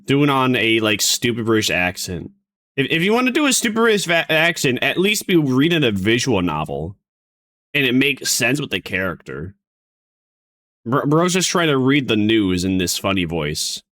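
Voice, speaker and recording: A man's voice: mid-range voice, big pitch swings, moderate pace, fairly bright tone, dry recording. A streamer reacts to a clip in casual, rambling commentary, mocking the person on screen and tripping over restarts as he goes. His voice sits mid-range and sounds close and dry, with no room behind it.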